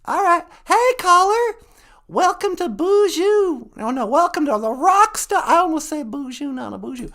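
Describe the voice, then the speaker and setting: Playful woman co-hosting a chatty podcast, high lively voice, unhurried, music faint behind. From Minnesota. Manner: playful and giggly, drawn-out words. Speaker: podcast co-host. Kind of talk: casual live-stream chat.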